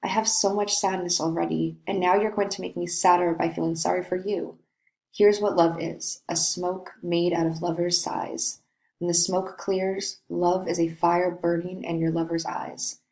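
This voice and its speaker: A woman reading the part of a brooding, lovesick young nobleman in a play, in a slow, dreamy way. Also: lowish voice, flat delivery, a little mellow, natural voice, rough recording. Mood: melancholy.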